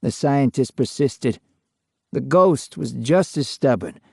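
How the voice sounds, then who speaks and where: Male storyteller, measured and unhurried, mid-pitched voice, dry sound. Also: animated, creaky, husky, dry recording. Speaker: narrator. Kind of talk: scripted ghost story narration.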